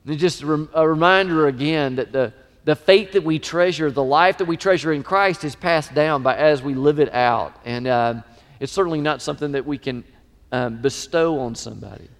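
A middle-aged man preaching a sermon, emphatic and animated, his voice swelling in pitch and volume. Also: moderate pace. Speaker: pastor. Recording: long reverb of a large hall.

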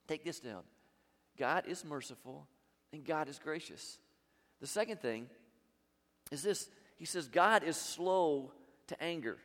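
A man preaching a sermon as pastor, emphatic, with big swings between loud and quiet. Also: sits high, long reverb tail.

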